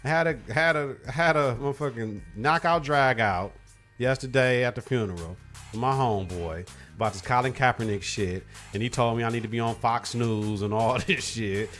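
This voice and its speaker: A man's voice: medium pitch, normal speed, a bit bright, soft background music. A man hosting a podcast, giving blunt, profane opinions in casual chat. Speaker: podcast host.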